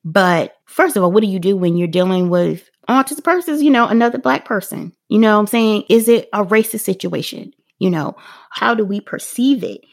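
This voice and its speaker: A brisk, medium-pitched woman, middle-aged and a parent, recounts her own experience in relaxed podcast chat. She speaks straight to listeners with fillers and brings the story alive by voicing what others said.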